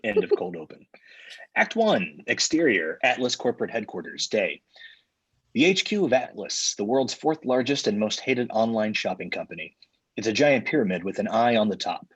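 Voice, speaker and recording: A man reading the stage directions deadpan in a live comedy table read. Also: on the low side, normal speed, slightly rough, lo-fi sound.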